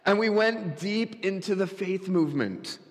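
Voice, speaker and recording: A middle-aged male pastor preaches a sermon in a church, telling stories and swinging between loud, emphatic lines and quick, low asides. The church hall gives the recording a long reverb.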